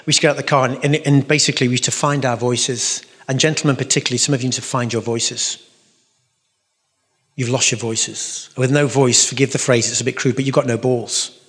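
A man's voice: mid-range voice, steady tone, brisk, fairly bright tone. An English man preaching a sermon with emphasis, repeating phrases for effect and throwing in playful noises. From England. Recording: long reverb of a large hall.

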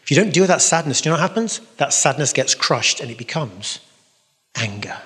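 A man's voice: mid-range voice, big pitch swings, brisk, fairly bright tone. English male preacher, emphatic and repetitive, playful asides, big reverberant hall. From England. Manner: emphatic, repeating phrases, playful noises. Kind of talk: sermon. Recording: long reverb of a large hall.

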